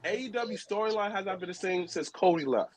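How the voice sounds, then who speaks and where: Man, high-pitched, animated, profane, slangy, casual podcast chat. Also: fairly quick. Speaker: podcast co-host.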